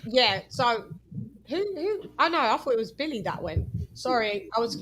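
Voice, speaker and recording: A woman's voice: a little high, animated, fairly bright tone, slight background noise, rough recording. A woman hosting a casual boxing panel, arguing firmly and talking over her guests. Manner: talks over others, argues firmly, quick questions. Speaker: host of a boxing panel show.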